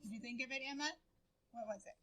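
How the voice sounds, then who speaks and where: A woman's voice: on the high side, fast talker, pushed and bright, no echo, poor audio. A woman teaching a writing lesson to a class, calling on students by name and encouraging them.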